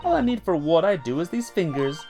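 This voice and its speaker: Picture a scrappy, streetwise Cockney girl pickpocket, as a man puts her on while reading a game aloud. Her voice jumps up high and swings through a lively, animated pitch, full of slang and dropped endings. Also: fairly quick, soft background music. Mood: defiant.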